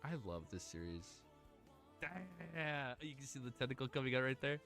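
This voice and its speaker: A man streaming casually, chatting excitedly with his audience, swearing and gushing, at times near tears. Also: mid-range voice, normal speed, vocal fry, soft background music. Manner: excitable, swears often, gushes and laughs. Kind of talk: casual livestream chat.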